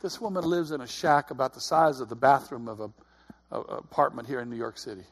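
A man's voice: mid-range voice, quick pace. A middle-aged man giving a conversational sermon, earnest, often repeating his words. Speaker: preacher.

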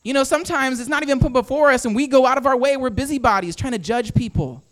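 High-voiced man preaching a sermon. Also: fast talker, fairly bright tone, dry recording. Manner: conversational, asks the congregation rhetorical questions; acts out quoted inner voices. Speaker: pastor.

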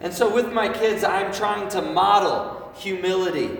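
A man's voice: sits high, measured pace, vocal fry, a little hiss or hum. A man in his thirties giving a casual, conversational sermon to a youth group, often checking in with the room by asking "right?". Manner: conversational, asks the room frequent "right?" questions. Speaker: preacher. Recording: echoey hall, mic at a distance.

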